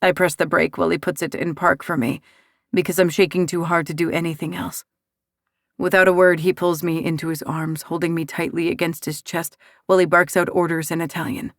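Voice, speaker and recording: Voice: mid-range voice, level tone, fairly quick, fairly bright tone, no room sound, studio quality. An audiobook narrator giving emotive first-person romance narration.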